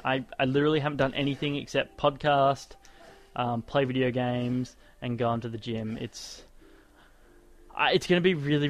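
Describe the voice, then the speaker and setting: A man giving casual, sarcastic let's-play commentary as he plays, ranting and exclaiming at the game. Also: medium pitch. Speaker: gaming commentator and podcaster.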